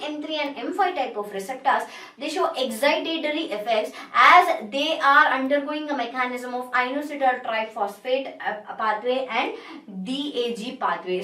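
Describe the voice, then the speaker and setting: A woman's voice: sits high, pushed and bright. A woman with an Indian English accent giving a pharmacology lecture, explaining step by step and often restating her points. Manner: explanatory, repeats and restates herself. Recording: echoey room, distant mic.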